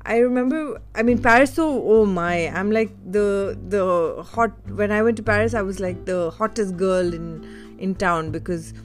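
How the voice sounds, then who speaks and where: A woman talks through her own memories in a candid, thoughtful monologue. She pauses and restarts as she looks for the right words. Her voice sits at a middling pitch, and gentle guitar music plays faintly in the background. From India (Delhi). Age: adult. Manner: candid, reflective, searching for words. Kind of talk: personal storytelling monologue.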